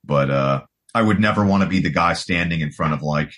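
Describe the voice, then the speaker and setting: A man's voice: low voice, fairly quick, fairly bright tone. A man in his forties from the United States, a guest rock guitarist talking in a rambling, casual way full of "you know" and restarts. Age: 40s. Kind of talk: casual podcast conversation.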